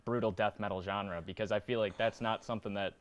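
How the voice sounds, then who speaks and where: Young man hosting a relaxed radio interview. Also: fairly low pitch, fast. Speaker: interview host.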